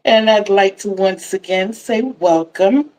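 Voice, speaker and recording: An older woman hosts her crochet livestream, talking at an unhurried, leisurely pace. She is chatty and effusive, and she often repeats a word two or three times for emphasis. Her voice sits at an ordinary middle pitch. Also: darkish tone, poor audio. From Virginia, USA. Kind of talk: casual livestream chat.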